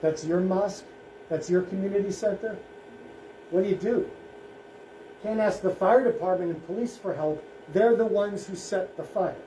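A man, a rabbi, giving a solemn presentation at a school in short, measured phrases. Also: high voice, dark tone, slight background noise. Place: school room. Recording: echoey room, faint ambience.

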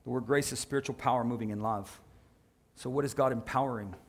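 A male pastor preaching a sermon in a lively, conversational way, with quick asides and sudden shifts in volume. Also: medium pitch.

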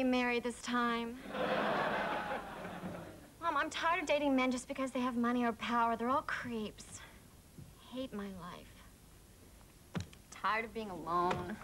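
A quick-tempered young woman in a 1990s sitcom, voice sitting high. She is emotional and sharp-tongued. The sound is an old TV broadcast with steady hiss. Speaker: sitcom character.

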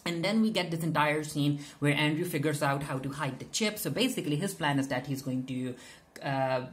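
Speaking briskly in a low, easygoing voice, this TV recap reviewer runs through an episode off the cuff. Her delivery is full of "uh"s and false starts, and she slips characters' quoted lines into her chatty retelling.

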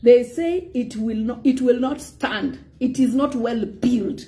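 Woman preacher; high, mellow voice; animated delivery with "praise God" asides. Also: takes it slowly. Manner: animated preaching, mixing in Swahili phrases and frequent "praise God". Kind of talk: sermon.

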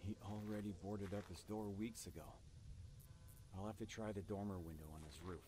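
A man voicing a matter-of-fact rural farmer in a video game, speaking in a plain, flat way. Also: on the low side, fairly quick, natural voice. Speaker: game protagonist. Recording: game audio with clear ambient noise.

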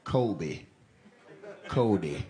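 Teasing comedian doing crowd work. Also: male voice, low-pitched, lively intonation, drawn-out words, heavy background noise. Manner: teasing, playful banter with the audience. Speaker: stand-up comedian. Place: comedy club stage. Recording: live club with loud crowd. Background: audience laughter.

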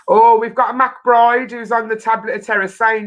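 A woman from Birmingham with a Brummie accent, hosting a casual chat show in a lively, jokey way. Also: fairly high pitch, moderate pace, rough recording. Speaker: host.

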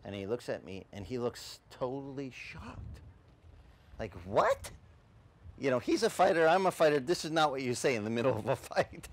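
A male pastor telling a personal story in a sermon, acting out the voices in it. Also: a little fast. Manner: animated storyteller, acting out voices with big pitch swings. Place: beach service outdoors.

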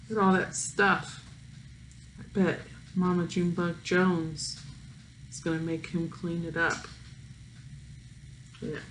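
A woman teacher reading a picture book aloud to her pupils, expressive and playful, breaking into song. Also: lowish voice, a little hiss or hum. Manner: slow, expressive, sings along with the story. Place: room at home. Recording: roomy echo, faint ambience.

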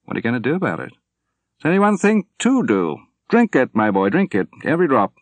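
A man doing a booming old general. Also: wildly swooping pitch, quick pace, no echo. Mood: jovial. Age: older. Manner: booming, cheerful, emphatic. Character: elderly retired general, hearty and jovial.

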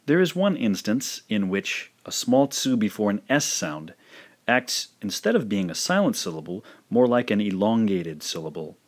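A man narrating a recorded language lesson, speaking slowly and carefully and repeating each pronunciation. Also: fairly low pitch, sing-song. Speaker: language teacher.

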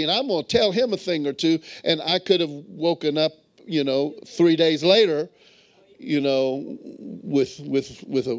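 A man preaching a sermon as bishop, telling stories and calling on his congregation to answer back. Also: on the high side. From moved to Texas as an adult. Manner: storytelling, calls on the congregation to respond. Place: church sanctuary.

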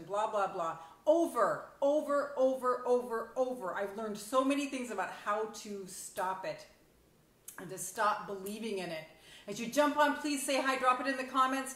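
A woman's voice: a little high, a bit bright. A middle-aged woman hosting a casual live stream from her phone, chatty and bubbly, often laughing. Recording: echoey room on phone mic.

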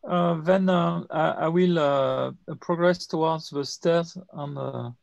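A man playing a tabletop game, speaking haltingly and searching for words. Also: a little high, fairly even intonation, creaky, no echo, muffled recording. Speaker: player.

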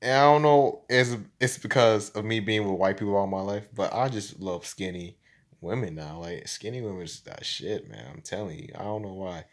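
A young man with a fairly low voice rambles to his camera in a loose, slangy vlog, laughing often. He jumps from loud, excited bursts to low mumbles and back. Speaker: vlogger. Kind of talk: casual vlog monologue.

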